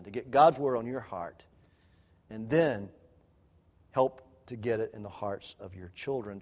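Man preaching in a reverberant hall. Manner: animated preaching, acts out quotes, drops to soft low asides. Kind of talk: sermon.

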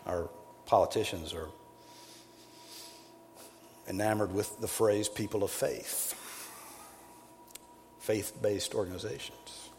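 A male preacher giving a sermon, emphatic, rising to loud peaks and then dropping low. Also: fairly even intonation, slow pace, creaky, pauses often, slight background noise. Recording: long hall reverb, faint ambience.

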